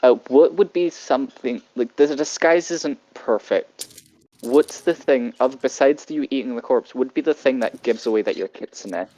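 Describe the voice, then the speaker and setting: A woman's voice: rumbling low, mellow, no echo, poor audio. A woman running a tabletop game as game master, narrating with many fillers and restarts. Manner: halting, filler-heavy narration.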